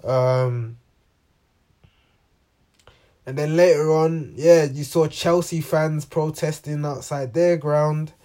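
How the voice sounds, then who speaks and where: A man's voice: on the high side, steady tone, takes it slowly, pauses often, mellow. A man hosting a football reaction channel, talking casually and rambling, with many ums and restarts. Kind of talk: casual unscripted commentary.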